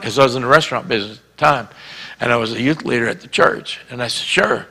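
A man's voice: mid-range voice, fast, creaky, pushed and bright. A man with a Southern US accent preaching a sermon as pastor, telling a story and acting out the dialogue. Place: church sanctuary. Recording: reverberant church hall.

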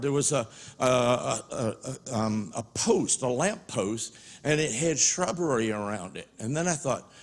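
A man preaching a sermon, telling a personal story in a conversational way and often checking in with his listeners. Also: medium pitch. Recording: long hall reverb.

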